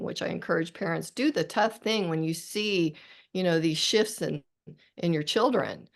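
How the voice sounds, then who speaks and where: A woman's voice: on the low side, normal speed, gravelly. A middle-aged woman, an author guest on a podcast interview, talking earnestly and reflectively with frequent restarts.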